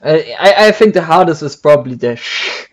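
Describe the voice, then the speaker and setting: A man from Germany with a German accent, chatting casually on a stream, animated and full of fillers and restarts. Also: a little high, brisk. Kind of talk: casual chat.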